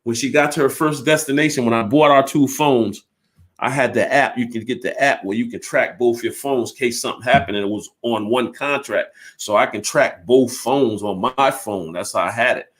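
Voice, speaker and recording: A man's voice: medium pitch, moderate pace, fairly bright tone. A man in his fifties telling a personal story bluntly and candidly, swearing freely and acting out both sides of an argument. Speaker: storyteller recounting his life.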